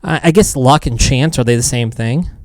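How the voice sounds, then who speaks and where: A man's voice: medium pitch, moderate pace, a little mellow, no echo. Joking, rambling man co-hosting a podcast. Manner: joking, rambling, many fillers. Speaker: podcast co-host. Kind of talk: casual podcast chat.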